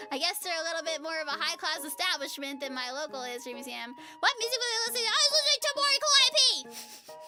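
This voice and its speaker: A woman's voice: sits high, expressive, fast talker, loud music behind the voice. A woman narrating her travel vlog in a casual, rambling, joking way, full of fillers and asides. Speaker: travel vlogger.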